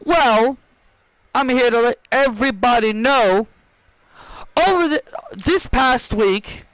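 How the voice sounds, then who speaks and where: A man's voice: extremely high pitch, slow pace, a bit bright, dry recording, exaggerated voice, low-quality recording. A man voicing a cocky female wrestler who shows up demanding a title shot, in a mocking, boastful way. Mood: smug. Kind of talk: voicing wrestlers over a video game.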